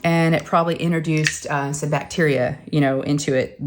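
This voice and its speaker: A woman's voice: low voice, fairly even intonation, fairly quick, background noise. A middle-aged woman, chatting casually as a crafting channel host and telling a long story full of acted-out quotes. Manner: rambling storyteller, acts out quotes. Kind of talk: casual chat while crafting.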